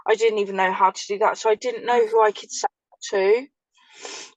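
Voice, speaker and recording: A woman's voice: mid-range voice, fairly even intonation, a little fast, dry recording, dull audio. An English woman, a former prisoner, telling her story in casual chat, blunt and vivid, swearing freely. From England.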